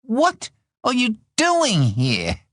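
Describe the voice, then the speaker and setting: A proud, sharp-tongued young widow who snaps and bristles, voiced by a man narrating an audiobook, her pitch swooping lively. She speaks slow and deliberate in a dry, close sound. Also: no echo. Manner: curt, exasperated, quick to snap. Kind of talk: audiobook character voice.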